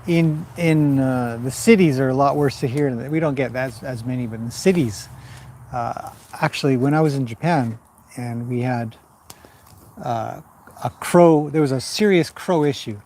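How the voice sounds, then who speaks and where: A man's voice: medium pitch, normal speed, warm tone, a little hiss or hum. A man from western Canada hosting a casual outdoor livestream, rambling between updates and reading viewer comments aloud. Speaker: livestream host. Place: outdoors by a fire at a horse farm.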